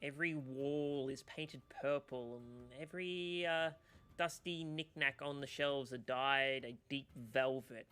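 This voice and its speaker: A man's voice: medium pitch, unhurried, sharp tone, clean tone, soft background music. A man narrating a tabletop game as game master, hesitant, with many fillers.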